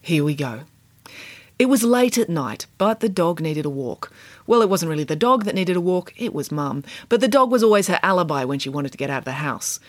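A woman narrating a children's story aloud in a gently humorous, expressive way. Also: fairly low pitch, a little fast, dry recording.

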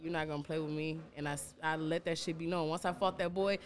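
A young woman, a radio personality, telling stories in a casual podcast chat, profane and animated. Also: low-pitched, fast.

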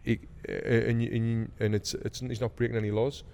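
A man's voice: medium pitch, a little fast, vocal fry, smooth. Man telling a story in a roomy echo. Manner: animated, swearing, acts out quoted voices. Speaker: podcast co-host. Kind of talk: casual storytelling chat.

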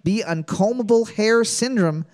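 A man's voice: high-pitched, unhurried, darkish tone. A man hosting a comedic trivia podcast, reading each question twice and joking between them. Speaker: trivia host.

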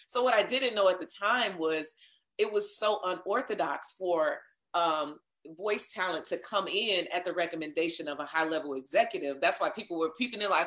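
A woman voiceover artist telling her career story in a casual interview, animated and acting out what people said. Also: medium pitch, normal speed. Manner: animated, acts out quoted dialogue.

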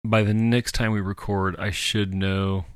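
A young man co-hosting a podcast, easygoing and quick to laugh as he chats. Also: lowish voice, level tone, smooth, no echo, studio quality. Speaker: podcast co-host. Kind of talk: casual chat.

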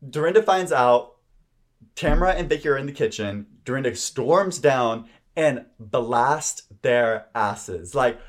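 A man's voice: mid-range voice, animated, a little slow. A young man co-hosting a podcast, recapping a reality show in gossipy casual chat full of "like". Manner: gossipy, filler-heavy, says "like" constantly. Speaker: podcast co-host.

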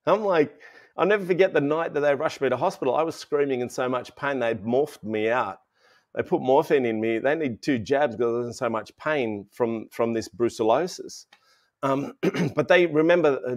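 An Australian man in his fifties, speaking as a guest in a relaxed interview. His voice sits at an ordinary middle pitch. He rambles, doubling back and filling pauses as he tells his story. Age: 50s. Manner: rambling, frequent restarts and fillers.

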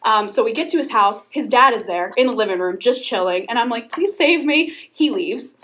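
A woman's voice: on the high side, fairly quick, a bit bright. A young woman, telling a dating story on a casual podcast while laughing often. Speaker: podcast co-host.

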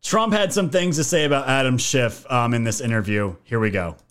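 A man's voice: mid-range voice, brisk, fairly bright tone, smooth. Joking, profane podcast host, a man. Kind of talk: casual political commentary.

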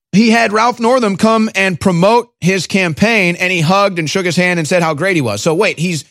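In studio-quality sound with no echo, a man with a fairly high, slightly bright voice hosts a political talk show. His casual political commentary is sarcastic and scornful, and he often stammers and restarts.

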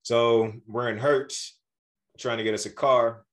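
A man co-hosting a podcast, telling a travel story in a casual, animated way and acting out the people he quotes. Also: mid-range voice, unhurried. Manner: animated, acts out quoted voices. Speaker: podcast co-host.

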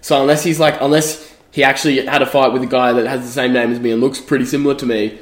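A man's voice: medium pitch, flat delivery, fast. Young man rambling, echoey room. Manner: rambling storytelling, laughs often. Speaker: podcast co-host. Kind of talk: casual chat.

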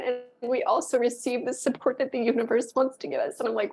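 A woman's voice: fairly high pitch, brisk, creaky, hardly any pauses. Effusive woman telling her story. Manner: animated, rambling, switches into dramatic quoted voices; emotional and effusive. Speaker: podcast guest. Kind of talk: casual interview storytelling.

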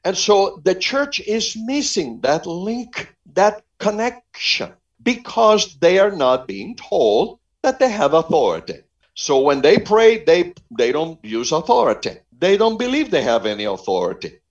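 Fervent high-voiced man evangelist, muffled audio. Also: big pitch swings, a little slow. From Cuba. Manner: fervent, emphatic, repeats phrases for stress. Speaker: evangelist guest. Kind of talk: preaching-style interview talk.

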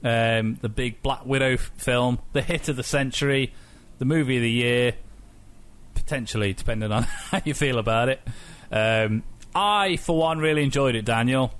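A man's voice: medium pitch, moderate pace, fairly bright tone. A man leading a casual podcast chat about a film, laughing often and teasing his co-host.

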